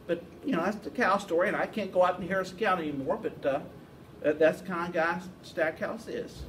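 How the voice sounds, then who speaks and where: A man spins a folksy, animated yarn in a high, bright voice. The pickup is distant, with a faint hiss behind him. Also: brisk. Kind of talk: anecdotal storytelling.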